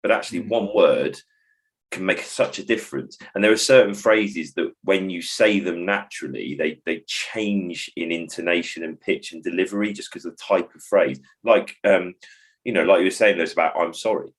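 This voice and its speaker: A behaviour support trainer talks on a podcast in a reflective, wandering way, acting out phrases as he goes. He has a low-pitched voice and speaks at normal speed.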